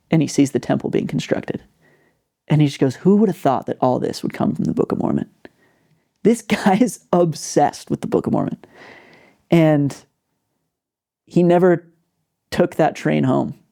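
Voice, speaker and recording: A man hosting a podcast, spinning a story in a relaxed, chatty way and leaning on frequent fillers. His voice sits a bit high for a man, with a gravelly edge and a dark, mellow tone. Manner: animated, filler-heavy storytelling. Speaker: podcast host. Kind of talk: casual storytelling.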